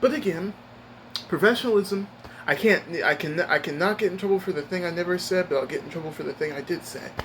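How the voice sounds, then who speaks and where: A young man with a slightly high voice rambles through a story from work, emphatic and expressive. He talks casually, piling on fillers and restarts as he vents to his viewers. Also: fast, slight background noise, poor audio. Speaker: streamer giving a life update.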